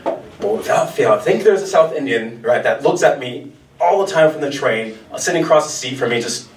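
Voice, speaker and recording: A man's voice: mid-range voice, expressive, normal speed. An American man in his thirties doing a stand-up set in a restaurant, loose and punchy with casual swearing. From United States. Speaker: stand-up comedian. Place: restaurant showcase stage. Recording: echoey room from far off, light noise.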